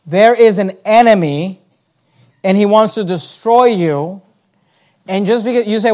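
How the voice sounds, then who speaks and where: A man's voice: high-pitched, unhurried, a little mellow. A man preaching a sermon, emphatic, asking rhetorical questions and reading scripture aloud in King James wording.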